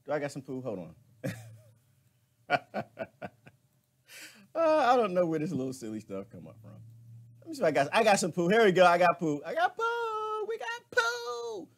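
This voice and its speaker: Animated, chatty man live-streaming. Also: fairly high pitch, moderate pace, long pauses. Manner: chatty, laughing, greets viewers by name. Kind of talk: casual live-stream talk.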